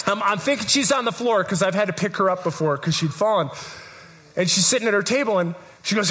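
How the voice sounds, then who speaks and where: A middle-aged man preaching from the pulpit in a notably high voice. He tells stories earnestly, stumbling and restarting his sentences as he goes. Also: fast, fairly bright tone. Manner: earnest storytelling with frequent restarts and repeated words. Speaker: pastor. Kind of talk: sermon.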